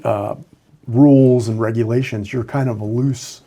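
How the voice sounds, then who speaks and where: A man's voice: mid-range voice, fairly even intonation, moderate pace, gravelly, warm tone. A man in his sixties, a retired sheriff's lieutenant, telling candid stories in a casual podcast interview with frequent fillers.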